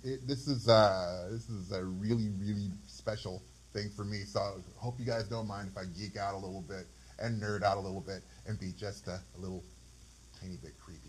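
A man hosting a comedy podcast, talking in a goofy, self-mocking way with sudden shouted bursts. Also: on the low side, steady tone, brisk, husky. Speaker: podcast host. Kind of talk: comedic monologue and chat.

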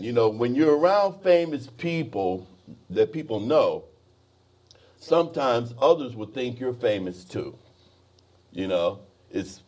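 A middle-aged man, a guest musician, telling stories in a casual interview, animated and peppered with "man" and "you know". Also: mid-range voice.

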